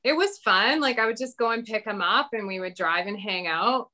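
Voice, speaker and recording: A young woman chatting on a podcast, telling stories in an animated, laughing way. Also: medium pitch, moderate pace. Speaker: podcast guest, sister. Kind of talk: casual chat.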